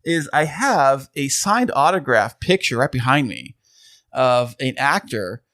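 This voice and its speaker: A man co-hosting a casual podcast in a home studio, pitching like an infomercial announcer. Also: expressive, measured pace, a bit bright, no room sound. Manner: upbeat, pitchman-like delivery. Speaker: podcast co-host. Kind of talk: casual chat, playful sales pitch.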